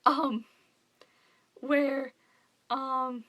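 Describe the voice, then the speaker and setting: High-voiced gushing young woman. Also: very slow. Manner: gushing, excitable, rambling with many fillers. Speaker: book vlogger. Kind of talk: casual book review vlog.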